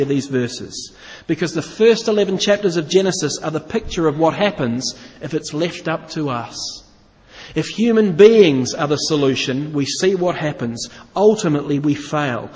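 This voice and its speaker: A man's voice: fairly high pitch, a little mellow, big-room sound, low-quality recording. A man preaching a sermon, asking his listeners questions and leaning hard on key words. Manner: asks the congregation questions, stresses key words.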